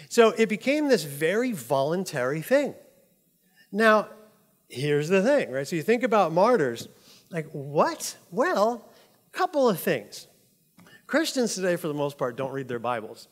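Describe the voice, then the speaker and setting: A man preaches in a relaxed, conversational way, often laughing and checking in with his listeners. His voice sits a little high for a man. The sound carries the long reverb of a large hall. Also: normal speed. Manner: chatty, laughs often, says "like" and "right?" a lot. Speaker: pastor. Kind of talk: casual conversational sermon.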